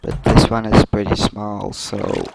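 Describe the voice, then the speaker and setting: A man casually chatting and explaining gameplay while he plays, with loud noise in the background. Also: lowish voice, flat delivery, a little slow, gravelly. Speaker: gameplay video host. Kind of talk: game commentary.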